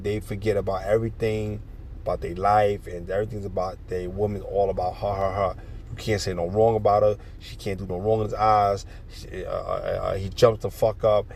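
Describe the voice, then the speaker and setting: A man's voice: on the low side, darkish tone, a little hiss or hum. A man reading scripture verse by verse and explaining it in slangy, profane street talk. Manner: reads verses then riffs in slangy, profane commentary. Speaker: street preacher.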